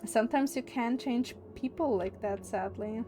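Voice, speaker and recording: A woman's voice: fairly high pitch, normal speed, mellow, faint music behind. A young woman streamer chatting casually and candidly, opinionated and swearing freely. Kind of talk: casual livestream chat.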